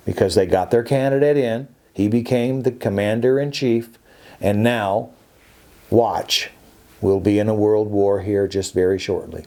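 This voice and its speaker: Emphatic man, mellow dark voice. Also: on the low side, unhurried. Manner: emphatic, repetitive, stumbles and restarts. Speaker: attorney and podcast host. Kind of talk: opinionated podcast monologue.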